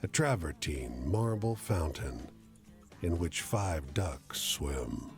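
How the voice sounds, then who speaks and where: Slow, deep-voiced game narrator. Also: male voice, animated, over music. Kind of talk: scripted narration.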